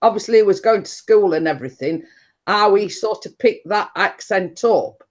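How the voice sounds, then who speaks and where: Woman host, medium pitch, relaxed conversational storyteller. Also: normal speed. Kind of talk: casual live-stream chat.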